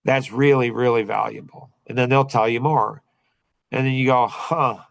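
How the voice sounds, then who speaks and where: A man's voice: medium pitch, fairly even intonation, normal speed, gravelly, dry recording, rough recording. A middle-aged man hosting a podcast, chatting casually to a small group and rambling with many fillers and restarts. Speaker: podcast host and coach.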